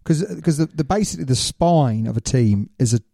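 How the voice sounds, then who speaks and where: Dark-voiced man on a podcast. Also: medium pitch, animated, fairly quick, gravelly, no room sound, studio quality. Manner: explains at length, setting up questions. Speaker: podcast co-host. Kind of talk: casual chat.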